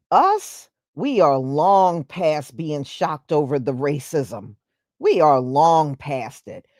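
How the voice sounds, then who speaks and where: A woman on a livestream, speaking slowly in a low register with her pitch swinging widely. She hammers her points home and repeats herself for emphasis. The sound is dry and close. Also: darkish tone, dry recording. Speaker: livestream host. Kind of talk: live commentary to viewers.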